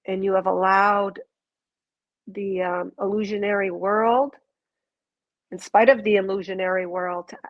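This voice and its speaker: Woman, intuitive reader; rambling, heartfelt delivery, average pitch, dry close sound. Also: dry recording. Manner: earnest, gushing, rambling with restarts. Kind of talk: live spiritual reading to a viewer.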